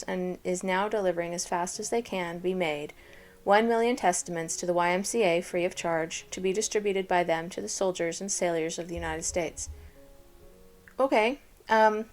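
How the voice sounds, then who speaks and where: A woman reading old newspaper articles aloud, then chatting about them in a casual way with fillers, laughs and blunt asides. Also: mid-range voice.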